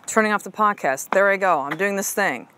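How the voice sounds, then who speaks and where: A woman's voice: medium pitch, fairly quick, sharp tone, clear, resonant tone. Chatty, upbeat woman coach. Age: adult mother of a six-year-old. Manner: casual, chatty, frequent "like" and "right?", swears freely; upbeat and emphatic, addresses listener as "sister". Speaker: life coach and podcast host. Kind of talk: motivational podcast monologue.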